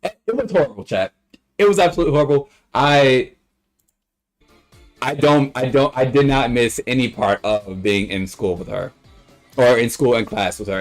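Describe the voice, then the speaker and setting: A man's voice: normal speed, soft background music. Rambling young man telling a story. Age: young adult. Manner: rambling storyteller, acts out quotes in high voices. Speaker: livestreamer. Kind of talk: casual livestream chat.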